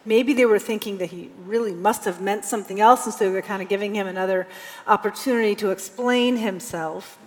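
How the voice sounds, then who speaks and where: A woman's voice: mid-range voice, fairly quick, a little mellow. A woman pastor giving a sermon in a conversational preaching style, now and then reading scripture aloud with emphasis. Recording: long hall reverb.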